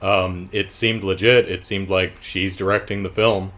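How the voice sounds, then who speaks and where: A man's voice: low voice, flat delivery, unhurried, a bit bright. A man giving a casual, jokey TV review, retelling the plot with sarcastic asides.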